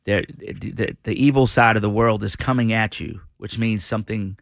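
A middle-aged man telling an animated story on a radio show, acting out the voices of the people in it. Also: lowish voice, normal speed, vocal fry, no echo, clean studio sound. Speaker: radio host guest. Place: radio studio.

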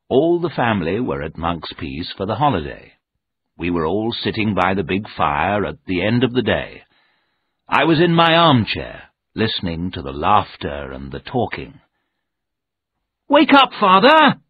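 A man narrating a story aloud in a slow, expressive read. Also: deep voice, husky, no room sound. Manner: slow, expressive, with lively rise and fall. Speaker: audiobook narrator. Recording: narrow tinny sound.

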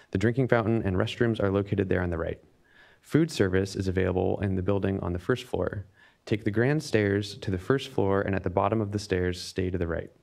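Low gravelly man reading announcements. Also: a little mellow. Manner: reads steadily from a script with small slips and restarts. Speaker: event host introducing a speaker.

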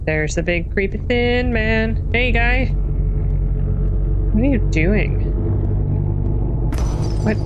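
A woman's voice: medium pitch, lively intonation, normal speed, pauses often, loud music behind the voice. A young woman casually commenting on a horror game as she plays, jumpy and self-mocking. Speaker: gaming channel host.

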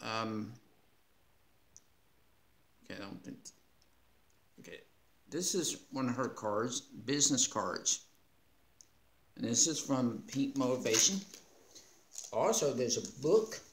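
Slow-talking man in an echoey room. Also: mid-range voice, animated. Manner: slow, warm-hearted, laughing often, moved near tears. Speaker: vlogger. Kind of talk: casual unboxing vlog. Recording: echoey room with faint noise.

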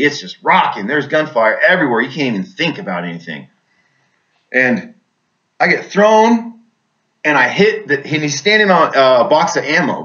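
Veteran man recounting combat, bright forceful voice, vivid and intense, dull lo-fi sound. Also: fairly high pitch. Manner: vivid, intense, with many restarts. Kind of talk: casual spoken storytelling.

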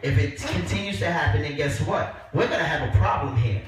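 A fairly high-voiced man is giving joking advice with loud laughs and a lot of animation. He talks as the host of a casual talk show. The recording is far from the mic and echoes strongly around the room, with faint music underneath. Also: brisk.

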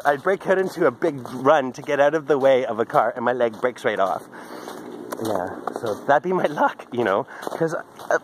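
A man's voice: mid-range voice, rough recording. An open, talkative man keeps up a meandering video diary as he strolls outdoors, his phone held close. His voice sits in a middling range, and a faint hiss runs under it. He wanders between topics and laughs at himself. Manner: candid, chatty, drifts off topic, laughs a lot. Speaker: video diarist. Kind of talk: rambling walk-and-talk video journal. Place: outdoors on a daily walk in a park. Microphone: handheld phone.

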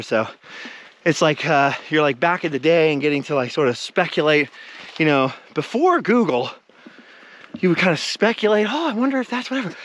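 A man's voice: sits high, fairly bright tone. A middle-aged man, out of breath, chatting in a rambling vlog while hiking outdoors at old ruins. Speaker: vlogger. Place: outdoors at a desert mine ruin.

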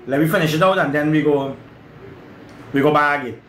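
A man's voice: fairly high pitch, fairly quick, a bit bright. A man with a Trinidadian accent hosting a home cooking show, teasing and laughing through casual kitchen banter. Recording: echoey room with background noise.

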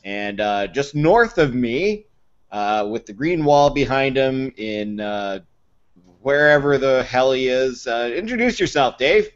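A man's voice: medium pitch, animated, measured pace. A Canadian man co-hosting a casual beer podcast, rambling with lots of fillers. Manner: rambling, filler-heavy, teasing. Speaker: podcast co-host. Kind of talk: casual chat over beers. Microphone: video call. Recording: muffled online call.

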